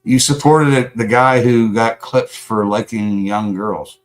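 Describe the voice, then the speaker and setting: A man's voice: lowish voice, a little slow. Male livestream host, combative and profane, sarcastic edge. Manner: angry, profane, confrontational. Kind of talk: live stream chat rant.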